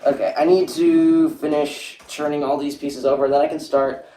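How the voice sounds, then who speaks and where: A man's voice: on the high side, little pitch movement, normal speed, mellow. A young man chatting casually on a livestream, rambling and reading viewers' messages aloud. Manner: rambling, reads chat aloud, lots of "like". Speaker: streamer. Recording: echoey room.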